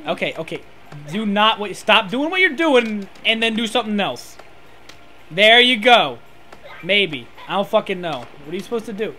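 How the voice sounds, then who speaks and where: A man with a high, boyish voice giving sarcastic, bossy, swearing commentary while his friend plays a video game. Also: big pitch swings, normal speed, pushed and bright. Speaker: co-host watching and backseat-directing. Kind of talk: casual gameplay commentary.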